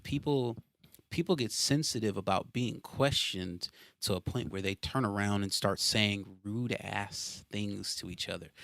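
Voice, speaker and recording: Gravelly low-voiced man ranting. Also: no echo, studio quality. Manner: animated, profane, exasperated ranting. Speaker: podcast host. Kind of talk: casual podcast rant. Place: home basement.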